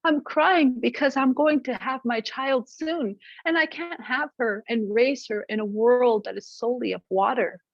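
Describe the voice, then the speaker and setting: A woman's voice: fairly high pitch, a little slow, few pauses, no echo, voice pushed up. A woman voicing a tearful, pregnant young woman from the sky who pleads for help. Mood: pleading. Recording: dull, dry lo-fi recording.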